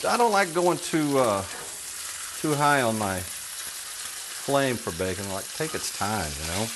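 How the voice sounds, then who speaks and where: A man's voice: medium pitch, animated, slow pace, background noise. A man from Texas cooking in his home kitchen, chatting in a folksy, joking way as he demonstrates a recipe. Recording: bacon sizzling and frying in the kitchen.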